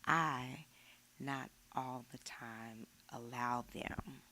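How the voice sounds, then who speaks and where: Very deep-voiced woman, quiet and hesitant. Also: extremely slow, background noise. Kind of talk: church group sharing.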